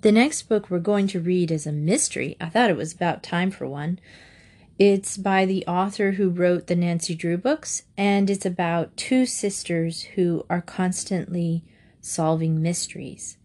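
A woman's voice: lowish voice, a little slow. Woman reading a children's storybook aloud. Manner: gentle, expressive storytelling, lifts her voice for characters' lines. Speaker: storybook reader.

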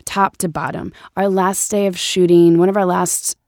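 A woman's voice: moderate pace, no room sound, clean studio sound. A woman in her thirties, an actress chatting as an interview guest and acting out quoted voices as she tells stories. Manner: animated storyteller, acts out quotes in higher voices. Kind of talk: casual interview chat.

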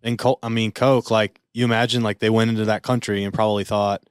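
A man with a low voice talks in a loose, rambling way, full of likes and trailing asides. He co-hosts a podcast. The recording is dry and close, with no room echo. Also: little pitch movement, fast talker, clear, resonant tone. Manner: rambling, filler-heavy storytelling. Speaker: podcast co-host. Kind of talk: casual chat.

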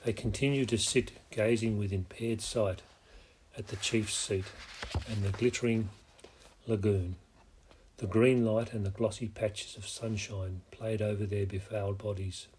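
A man narrating a novel as an audiobook, in a measured, steady way. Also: fairly low pitch, a little hiss or hum.

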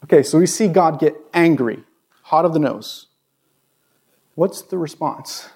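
A man's voice: on the high side, measured pace, vocal fry, a little mellow, slightly rough. A male pastor preaching a conversational sermon in a church, asking the congregation questions as he goes. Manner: conversational, asks the audience questions.

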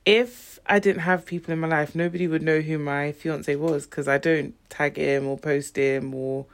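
A woman's voice: deep voice, fairly even intonation, normal speed. A woman co-hosting a podcast in casual chat, rambling with plenty of fillers. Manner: rambling, lots of "like". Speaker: podcast co-host.

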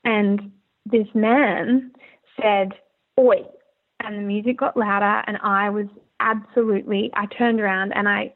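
Woman, from Australia, interview guest, earnest, rambling, gravelly, phone-line sound. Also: mid-range voice, steady tone, a little slow. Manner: earnest, candid, rambling with restarts. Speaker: musician guest. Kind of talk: casual interview talk.

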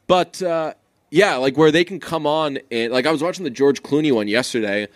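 A man co-hosting a podcast in casual banter, rambling and swearing freely with quick asides. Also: a little high, no room sound. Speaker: podcast co-host.

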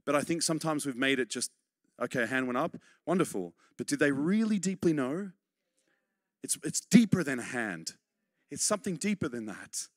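A middle-aged man preaching a sermon, urging and repeating points for emphasis, then dropping to quiet, close tones. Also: medium pitch, animated, moderate pace, dry recording.

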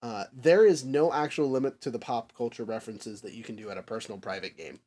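A man's voice: mid-range voice, fast, mellow, breathy edge. A man hosting a casual podcast chat in a mid-range voice. He rambles through fillers and restarts, drifting into nerdy tangents and laughing them off. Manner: rambling, filler-heavy, self-correcting. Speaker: podcast host.

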